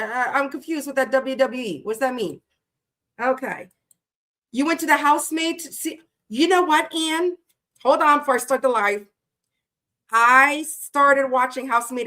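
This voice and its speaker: A woman's voice: on the high side, pushed and bright. A woman hosting a tarot livestream, greeting her chat viewers one by one in a chatty, playful way that swears freely, and she sounds tired.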